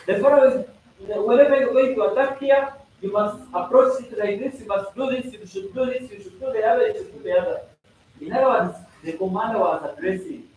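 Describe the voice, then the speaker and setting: Teaching students at a school congress, this man has a high voice and a playful, interactive style: he jokes, acts out examples, and keeps asking "are we together?" He's picked up by a far-off mic in a reverberant hall with a bit of noise.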